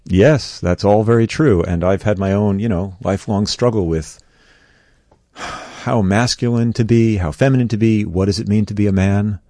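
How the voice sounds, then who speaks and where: A man's voice: on the low side, normal speed, dark tone, no room sound. A middle-aged man from New York, a guest talking earnestly and reflectively in a studio, laughing now and then. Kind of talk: reflective conversation.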